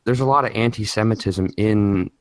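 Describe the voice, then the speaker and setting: Low-voiced man, halting chat. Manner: halting, full of fillers like "like" and "you know". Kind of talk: casual podcast chat.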